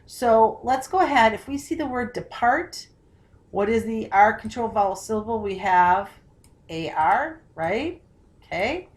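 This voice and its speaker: A woman teacher walking students through a recorded spelling tutorial, sounding out words slowly and often checking in with questions. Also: medium pitch.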